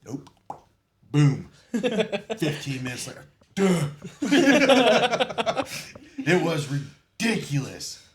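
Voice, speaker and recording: A man's voice: high voice, drawn-out words, long pauses. A man spins rowdy service stories in a casual podcast chat, his voice leaping up and down as he goes. He swears freely and keeps breaking into laughter. A faint hiss sits under the recording. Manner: animated, profane, laughs often while telling stories. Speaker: podcast guest telling war stories.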